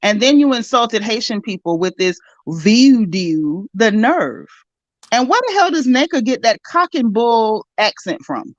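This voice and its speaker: A woman's voice: a little high, big pitch swings, measured pace, dry recording. A woman host ranting through a casual reality-show recap with indignant, emphatic force, stacking up repeated phrases. Her voice comes through slightly muffled and lo-fi, with a dry, close sound and no room around it.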